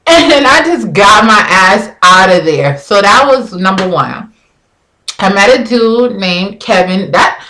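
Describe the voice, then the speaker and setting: Bright-voiced young woman, frank storytelling. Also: medium pitch, low-quality recording. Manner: animated, frank, slangy, acts out both sides of conversations. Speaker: vlogger telling dating stories. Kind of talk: casual storytelling.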